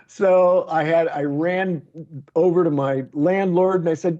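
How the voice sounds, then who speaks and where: A man from Detroit tells a story as an interview guest, his voice sitting fairly high. He is animated and acts out the lines of the people in his story. The sound is a little dull and lo-fi. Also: fairly quick. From Detroit, USA. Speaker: comedian guest.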